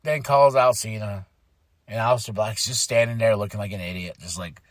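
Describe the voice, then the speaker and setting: A man's voice: brisk, dry recording. A man hosting a podcast, recapping a wrestling show in casual chat, exasperated and playing out people's reactions. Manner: animated, exasperated, mimics people with his voice jumping up high. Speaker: podcast host.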